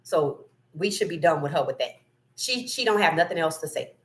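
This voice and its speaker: A woman hosting a casual sports talk livestream, reading chat comments and giving animated, opinionated takes with frequent laughter. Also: deep voice, brisk.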